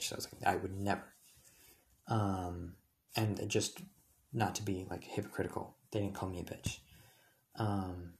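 A young man telling a personal story in a casual, rambling way, full of fillers and quick self-corrections. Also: lowish voice, creaky. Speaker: high school student telling a personal story.

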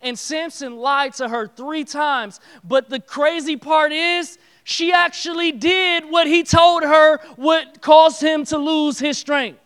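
A man preaching a casual, slangy sermon in a church, animated and acting out quotes. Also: very high-pitched, slow pace, few pauses.

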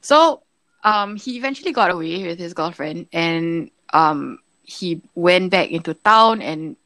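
A young woman from Singapore with a Singaporean English accent, co-hosting a podcast, telling a story in animated, casual chat with plenty of swearing. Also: lowish voice, unhurried, no echo. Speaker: podcast co-host.

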